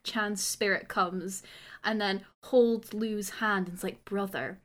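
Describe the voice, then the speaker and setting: A woman's voice: medium pitch, steady tone, slow, a bit bright. A woman chatting on a podcast, enthusiastic with small hesitations. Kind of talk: casual podcast chat.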